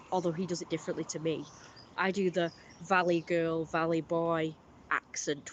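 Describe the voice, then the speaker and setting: Streamer just chatting away, loose rambly storytelling, mid-pitched voice. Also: a little hiss or hum. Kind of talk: casual live-stream chat.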